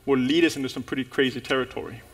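Rapid-fire and at medium pitch, a man's voice carries a church sermon. He animates the story he is telling and calls out to his congregation along the way.

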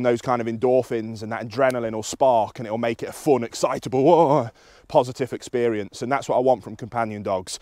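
A British man, a dog trainer, calmly explaining his method to the camera outdoors while he works a dog. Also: no echo. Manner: calm and instructive, with high excited praise to the dog.

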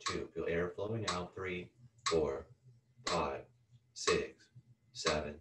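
A male yoga teacher guiding breathing exercises, calmly counting each breath in and out. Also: sits low, noisy background. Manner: calm, unhurried counting of breaths. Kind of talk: guided yoga breathing instruction. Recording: roomy sound from a distant mic with a loud ticking metronome. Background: metronome clicking once a second.

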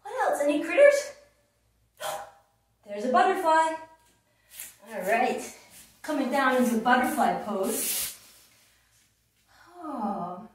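A woman's voice: high-pitched, sing-song, slow, pauses often. A woman teaching a children's yoga class, leading it with playful sing-song chants. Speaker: kids yoga instructor. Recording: echoey room from far off.

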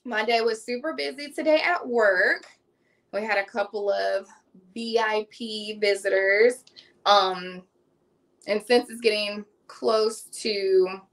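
A woman's voice: medium pitch, fairly bright tone, rough recording. A woman in her thirties with a Southern US accent, chatting casually with viewers while cooking on a livestream. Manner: chatty, addresses viewers as y'all. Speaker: cooking vlogger hosting a livestream. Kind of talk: casual live cooking chat.

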